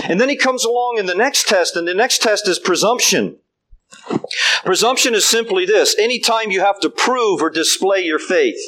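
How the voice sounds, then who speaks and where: A man's voice: high-pitched, animated, fairly quick, a bit bright, low-quality recording. An older man preaching a sermon, emphatic and repeating his refrains.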